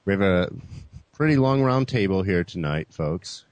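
A man's voice: sits low, expressive, normal speed, a little mellow, no room sound. A man hosting a gaming podcast in casual chat, laid-back, calling listeners "folks" and leaning on "you know". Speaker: podcast host.

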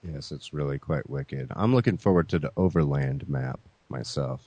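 A man's voice: very deep voice, moderate pace, mellow, slightly rough, no room sound, lo-fi sound. A man hosting a gaming podcast in casual chat, laid-back, calling listeners "folks" and leaning on "you know". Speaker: podcast host.

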